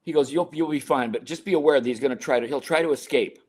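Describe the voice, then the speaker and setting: A man in his sixties, a podcast guest telling personal stories in an interview and acting out the quoted lines with lively energy. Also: medium pitch, fast talker. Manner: animated storyteller acting out quotes. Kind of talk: storytelling interview.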